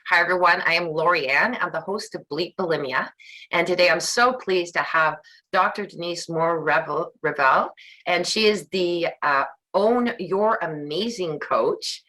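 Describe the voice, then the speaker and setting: A woman hosting a podcast, introducing her guest and asking questions in an encouraging, slightly halting way. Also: on the low side, sharp tone, poor audio. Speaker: podcast host. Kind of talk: interview hosting.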